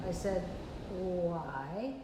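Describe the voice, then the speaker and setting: A woman's voice: lowish voice, expressive, extremely slow, dark tone, very echoey, big-room sound, a little hiss or hum, poor audio. An older woman hosting a sales show, chatting in a playful, teasing way and telling stories. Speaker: show host. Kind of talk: casual chat on a sales show.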